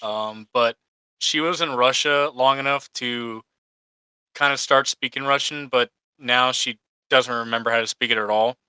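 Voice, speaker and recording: A man's voice: mid-range voice, steady tone, normal speed, pushed and bright, clear, resonant tone, no room sound. A young man co-hosting a podcast, telling stories casually with wry jokes. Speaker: podcast co-host. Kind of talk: casual storytelling.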